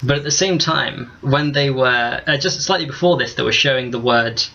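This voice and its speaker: A man co-hosting a casual gaming chat, measured and thoughtful, pausing as he picks his words. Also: mid-range voice, creaky, bright, forceful tone. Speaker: co-host in a gaming discussion. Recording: dull lo-fi sound.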